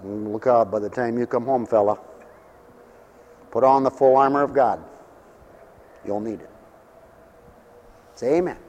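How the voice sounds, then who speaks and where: A man preaching a sermon, telling Bible stories in an animated way and acting out the scenes. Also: mid-range voice, unhurried, pauses often, in a large hall, muffled recording.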